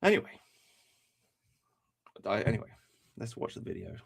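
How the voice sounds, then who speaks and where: A man's voice: lowish voice, sing-song, normal speed, gravelly. An English man ranting on a commentary stream, angry, sweary and incredulous. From England.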